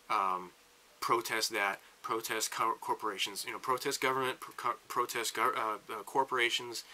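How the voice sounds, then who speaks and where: Guy ranting on his vlog, lowish voice, really sharp edge, lots of stop-start. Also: slight background noise, low-quality recording. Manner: ranting, halting restarts. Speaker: vlogger. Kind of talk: political rant.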